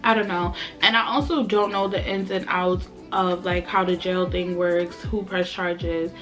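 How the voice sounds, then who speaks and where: A young woman, a vlogger telling a storytime tale with animated delivery and acted-out quotes. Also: fairly low pitch, unhurried, faint music behind. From Brooklyn, New York. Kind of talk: storytime chat.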